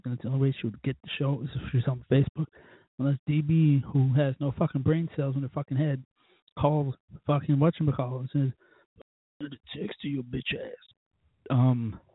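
A man's voice: a little high, slightly rough, no room sound, narrow, tinny audio. A man hosting his own podcast, talking in a rambling, self-deprecating way and cursing constantly. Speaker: podcast host. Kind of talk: rambling, profane solo podcast talk.

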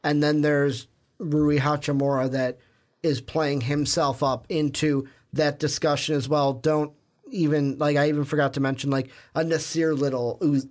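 A young man with a fairly high voice co-hosts a casual sports podcast. He rambles in a chatty way, trails off and corrects himself mid-sentence. He speaks into a podcast mic. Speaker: podcast co-host.

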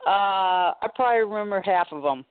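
A woman's voice: mid-range voice, lively intonation, brisk, clear, resonant tone, no room sound. A woman in her fifties, a guest golf pro, chatting casually and laughing often during a phone-in radio interview. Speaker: guest professional golfer. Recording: tinny dry phone line.

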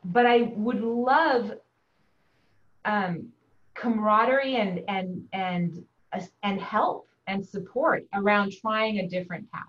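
A woman guest, a family doctor, speaking in a soft, reflective and measured way in calm conversation. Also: mid-range voice, dull audio. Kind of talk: calm conversational podcast talk.

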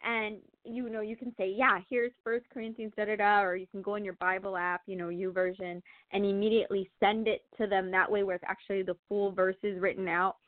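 A woman telling a personal faith story in casual, animated chat, with lots of fillers and laughter. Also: medium pitch, brisk, hardly any pauses, no room sound. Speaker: guest sharing testimony. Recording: tinny phone-like line, dry.

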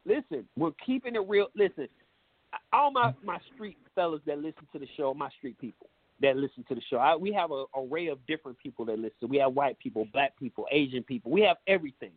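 High-voiced man rambling on a tinny line. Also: expressive, fast talker, no room sound. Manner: rambling, repeats himself, street slang. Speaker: radio show host. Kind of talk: loose profane radio banter. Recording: tinny phone-line sound with faint noise.

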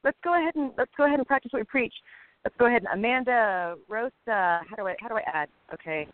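A high-voiced woman co-hosts a casual faith podcast, rattling along quickly and urging her listeners on with emphatic energy. Her voice comes through dry and tinny, as if over a phone line. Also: dry recording. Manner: excitable, emphatic, exhorting listeners. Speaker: co-host.

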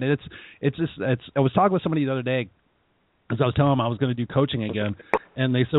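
A man hosting a conversational interview, talking in an animated way and acting out the people he quotes. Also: medium pitch, racing. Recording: tinny phone-line audio, dry.

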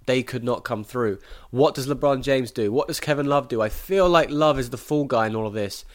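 A man hosting a sports podcast, giving brisk, opinionated analysis and then interviewing a guest. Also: medium pitch. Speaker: podcast host.

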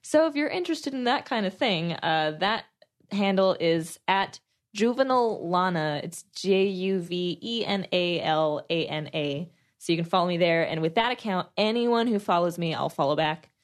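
Talkative woman with a lowish voice. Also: lively intonation, normal speed. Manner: talkative, explains at length, fillers like "you know". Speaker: podcast panelist, producer. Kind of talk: casual chat.

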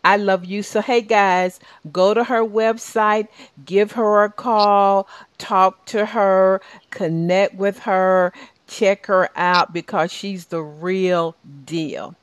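This radio host and life coach is a middle-aged Southern US woman who speaks at medium pitch, slowly and steadily. Her talk-show delivery is warm and encouraging but full of fillers and restarts, captured cleanly with no room sound.

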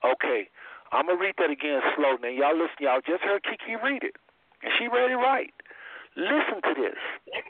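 A man's voice: big pitch swings, brisk, dry recording. Emphatic preaching man on a phone line. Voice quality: preachy, emphatic, swings high and low. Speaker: host. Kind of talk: Bible teaching on a call-in show.

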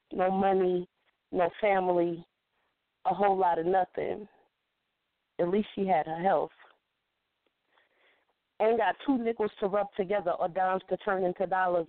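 A woman's voice: fairly low pitch, dry recording. A woman caller reciting her own spoken-word poem with a rhythmic, rhyming, conversational delivery. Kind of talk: spoken-word poetry recital over the phone. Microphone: phone. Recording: tinny, dry phone line.

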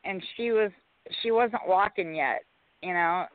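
A man's voice: sits high, measured pace, no echo. A man co-hosting a casual chat, gushing and exclaiming "oh my God.". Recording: dry tinny phone line.

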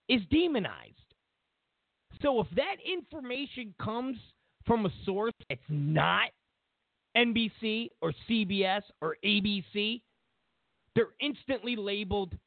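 A man's voice: high voice, vocal fry, no echo. A man hosting a political commentary show, delivering an emphatic, opinionated monologue that repeats and lists points with sarcastic asides. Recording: tinny phone-like dry sound.

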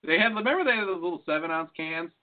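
A man co-hosting a casual podcast, talking loose and profane with frequent laughs. His voice sits a little high for a man. It comes through thin and tinny, like a phone line. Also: expressive, rapid-fire. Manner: loose, swearing, laughing often. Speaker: podcast co-host. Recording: phone-like lo-fi sound.

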